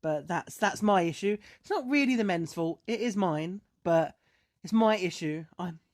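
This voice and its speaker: A woman on a podcast, casually chatting and telling a story with lively, animated delivery. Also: lowish voice, moderate pace. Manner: animated storyteller, acts out dialogue in raised voice. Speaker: podcast co-host.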